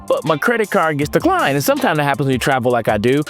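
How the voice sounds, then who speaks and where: Playful, animated man with a raised voice. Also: fairly high pitch, brisk, soft background music. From California. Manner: animated, playful, sing-song at times. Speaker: motivational speaker. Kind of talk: casual storytelling to students.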